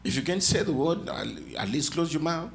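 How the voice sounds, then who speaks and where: A man's voice: fairly high pitch, expressive, brisk, background noise. A man preaching a sermon in a church, calling out to the congregation and teasing them with playful asides. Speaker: pastor.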